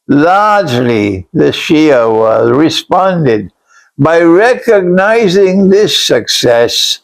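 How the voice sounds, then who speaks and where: A man giving a religious lecture as an Islamic scholar, speaking emphatically, repeating key phrases and at times rising to a shout. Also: fairly high pitch, gravelly, low-quality recording. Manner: blunt, admits harsh language.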